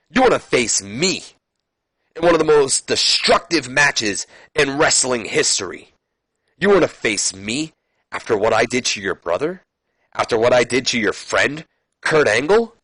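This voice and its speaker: A man's voice: mid-range voice, fairly bright tone, breathy edge, no room sound, rough recording. A man voicing an intense male wrestler who threatens with repeated questions.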